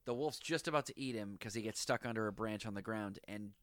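A man's voice: on the low side, fast, fairly bright tone, no echo, studio quality. A man co-hosting a casual film chat, amused, laughing and mimicking characters. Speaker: podcast co-host.

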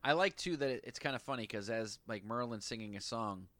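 Bright-voiced man chatting about a movie. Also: mid-range voice, brisk, no room sound. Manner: amused, laughs and mimics characters. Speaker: podcast co-host. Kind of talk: casual film discussion.

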